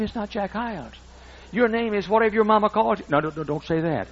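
A man in his sixties preaching a sermon, emphatic and repetitive as he builds toward shouting. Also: high voice, lively intonation, fast talker, lo-fi sound. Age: 60s. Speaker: pastor.

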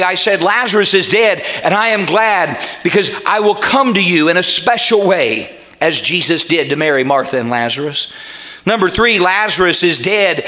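A man preaching a sermon as pastor, swinging into loud shouted passages and stumbling over repeated words. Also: high-pitched.

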